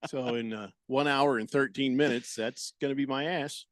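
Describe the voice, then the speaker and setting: A man's voice: mid-range voice, steady tone, moderate pace, no echo. A middle-aged man on a radio show, telling a long story in a rambling way, full of restarts and fillers, into a studio mic. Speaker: radio co-host. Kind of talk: casual radio banter.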